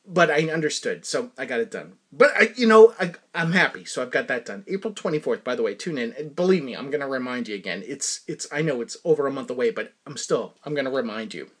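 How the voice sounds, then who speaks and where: A man's voice: mid-range voice, lively intonation, quick pace, hardly any pauses, a bit bright, breathy edge. Rambly american guy podcasting, middle-aged, lots of "you know" and restarts. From United States. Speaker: podcast host. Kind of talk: casual chat.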